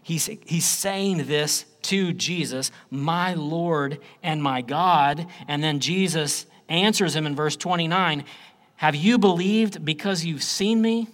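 Slow, emphatic preacher. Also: male voice. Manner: emphatic preaching, swings between loud declarations and low quiet phrases. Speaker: pastor. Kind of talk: sermon.

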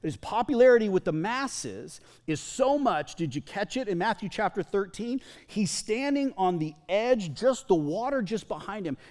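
Lively, conversational male pastor preaching. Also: high voice, normal speed, few pauses, in a large hall. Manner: conversational preaching with repeated words. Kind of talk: sermon.

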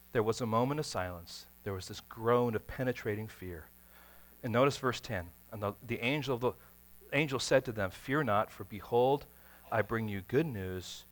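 A man preaching a sermon, telling stories with dramatic swings between hushed, quiet passages and sudden shouts. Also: medium pitch. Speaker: pastor.

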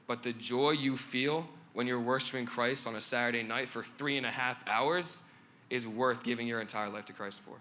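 A man's voice: medium pitch, fairly even intonation, normal speed, sharp tone, a little hiss or hum. A young man sharing an earnest church testimony about a retreat, with some fillers and restarts.

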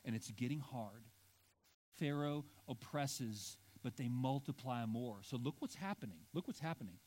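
Preaching to a congregation, a middle-aged pastor uses a medium-pitched, darkish voice at normal speed, sounding animated. His sermon is casual and full of asides, climbing toward emphatic moments.

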